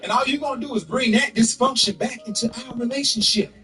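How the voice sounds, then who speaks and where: Man, stand-up comic, high lively voice, loud and laughing, recorded from a distance. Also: fast, soft background music. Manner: loud, animated, laughs at own jokes. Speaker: stand-up comedian. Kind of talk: stand-up comedy set.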